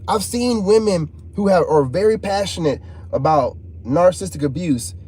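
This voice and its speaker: Passionate man in a warm-voiced vlog rant. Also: sits high, animated, moderate pace, husky. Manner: passionate, heated, repeats himself; rambling with many fillers. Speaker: vlogger. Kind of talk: impassioned vlog monologue.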